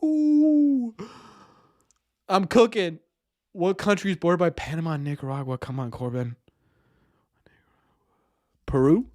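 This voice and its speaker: A man's voice: on the high side, fairly even intonation, moderate pace, pauses often, darkish tone, dry recording. A young man streaming, thinking aloud through a quiz and mocking himself when he gets answers wrong. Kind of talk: live stream chat.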